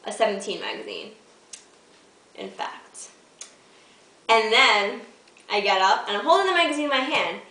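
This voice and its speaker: A woman's voice: medium pitch, very animated, normal speed, long pauses, pushed and bright, distant mic. A teenage girl telling funny stories to the camera in a hyper, giggly, self-mocking way. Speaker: vlogger. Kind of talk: casual storytelling to camera. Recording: echoey room, voice off-mic.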